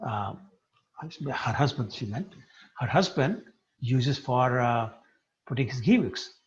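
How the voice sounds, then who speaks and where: A man's voice: medium pitch, lively intonation, unhurried. A man giving a storytelling religious talk, acting out the characters' dialogue. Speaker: devotional speaker. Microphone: video call. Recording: dull lo-fi call audio.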